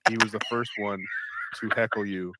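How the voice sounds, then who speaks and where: A man's voice: on the low side, fairly even intonation, normal speed, background noise. A man who hosts a show, explaining something with wry asides in casual chat. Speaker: show host.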